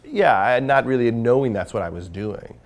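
A man's voice: mid-range voice, animated, moderate pace. A man talking candidly in an interview as the guest, rambling with many fillers and restarts. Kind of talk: casual interview conversation.

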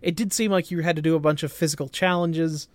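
Podcast guy, dry close sound, kinda high voice, straight-faced questions. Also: steady tone, quick pace, no room sound. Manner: dry, questioning, plays along. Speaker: comedy podcast co-host. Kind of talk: deadpan straight man in improv chat.

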